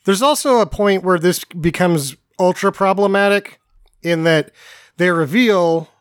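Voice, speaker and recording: A man's voice: sits high, unhurried, smooth, no room sound. Dry-joking man, close dry sound. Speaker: podcast co-host. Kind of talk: casual chat reviewing a movie.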